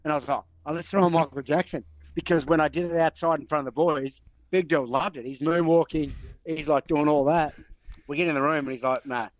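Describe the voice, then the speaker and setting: Host: lively Australian ex-player, slightly muffled dry mic. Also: male voice, fairly high pitch, a little fast, no room sound. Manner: animated, laughing storyteller. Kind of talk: casual storytelling chat.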